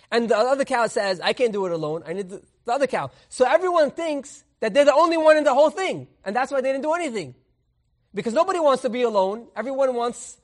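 A man voicing a humble, calm male schoolteacher who explains earnestly. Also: extremely high pitch.

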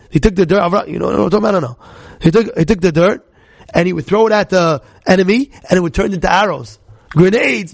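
A middle-aged man, a rabbi, giving an animated Torah talk full of stories, restarts and shouted outbursts. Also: high voice, gravelly, slightly rough, dry recording, studio quality.

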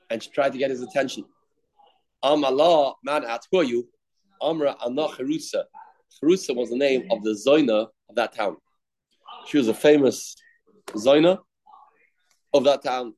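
A man teaching a Talmud class, telling the story with lively acted-out quotes and Aramaic phrases mixed into his English. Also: medium pitch, poor audio.

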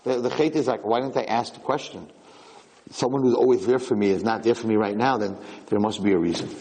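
A man teaching a Torah lesson in an excitable, repetitive way, restarting his sentences often. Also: on the low side, quick pace, long reverb tail, low-quality recording.

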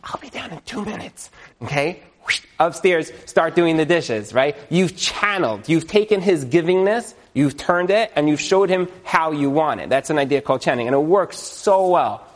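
Animated, chuckling male relationship teacher. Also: a little high, normal speed, hardly any pauses. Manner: animated, acts out quotes, chuckles often. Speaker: marriage educator. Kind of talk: casual teaching talk.

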